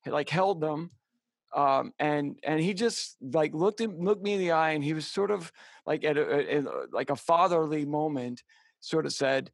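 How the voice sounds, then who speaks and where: A middle-aged man co-hosting a podcast, telling a personal story in a halting, heartfelt way with many fillers and restarts. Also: fairly high pitch, gravelly, no echo. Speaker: podcast co-host. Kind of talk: casual storytelling chat.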